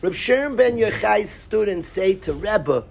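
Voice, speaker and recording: A man teaching a lively Talmud class in a synagogue, quizzing his students by name and mixing in Hebrew and Yiddish terms. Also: high voice, unhurried, creaky.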